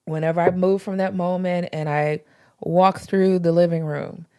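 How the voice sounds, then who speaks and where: A woman's voice: on the low side, fairly even intonation, normal speed, mellow, clear, resonant tone. A woman talking earnestly about faith in a casual podcast chat, with informal slang. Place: podcast recording.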